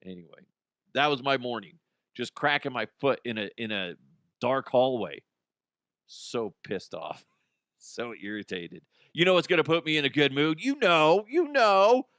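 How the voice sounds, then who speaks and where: A man's voice: mid-range voice, big pitch swings, unhurried, fairly bright tone, dry recording, clean studio sound. A man hosting a comedic podcast, telling stories in a loose monologue, swearing often and laughing at his own jokes. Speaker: podcast host.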